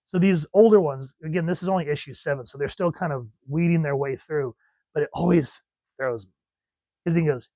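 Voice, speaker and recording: A man reviews comic books in a chatty, rambling way, full of enthusiasm. His voice sits a little high, and the sound is dry and close, with no room echo. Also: brisk, dark tone. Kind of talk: casual chat.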